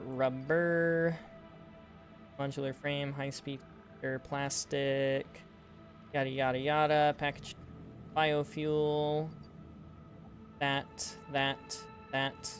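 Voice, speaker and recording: A man giving casual live-stream gameplay commentary, rambling and laughing at his own puns. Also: fairly high pitch. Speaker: game streamer.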